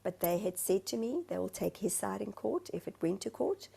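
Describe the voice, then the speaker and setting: A woman's voice: mid-range voice, sing-song, moderate pace, vocal fry, mellow, breathy edge. A woman from South Africa, a spiritual medium, talking earnestly over a video call and searching for her words. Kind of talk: heartfelt conversational sharing.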